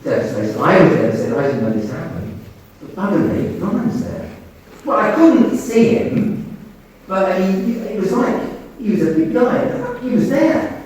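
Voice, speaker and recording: A man telling lively anecdotes to an audience, often repeating and restarting his phrases. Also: sits high, unhurried. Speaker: speaker at a talk on mediumship. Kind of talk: anecdotal storytelling talk. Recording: echoey hall from far off.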